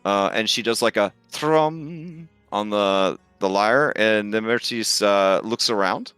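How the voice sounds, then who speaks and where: A man's voice: on the low side, slow, a bit bright, smooth, no echo, soft background music. A man narrating a tabletop game as game master, casual and swearing, with many fillers.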